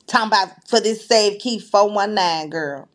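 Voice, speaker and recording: A woman's voice: medium pitch, normal speed. A woman, hosting a casual livestream and recapping a video in an agreeable, chatty way. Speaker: livestream host.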